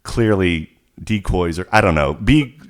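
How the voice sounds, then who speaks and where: A man with a lowish voice co-hosting a casual podcast. He tells stories in an animated, rambling way, full of asides and restarts. The tone stays conversational throughout. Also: a little slow. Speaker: podcast co-host. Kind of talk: casual chat.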